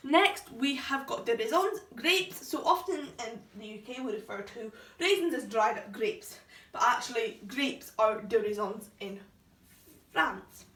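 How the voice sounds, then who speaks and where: A woman's voice: on the high side, lively intonation, unhurried, a bit bright. A woman teaching French food words in a chatty, explanatory way with fillers. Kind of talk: classroom-style vocabulary lesson. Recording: echoey room, somewhat distant from the mic.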